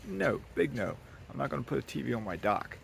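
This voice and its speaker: Gravelly man touring his dock outdoors. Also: mid-range voice, sing-song, fairly quick, slight background noise. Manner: rambling, folksy, with restarts. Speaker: vlogger giving a property tour. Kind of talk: casual walk-and-talk tour. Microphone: handheld camera carried while walking. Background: birds.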